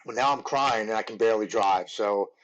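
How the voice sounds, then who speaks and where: A man in his forties, a podcast guest, telling his recovery story in an earnest, halting way with many restarts. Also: on the low side, a bit bright, rough recording. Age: 40s.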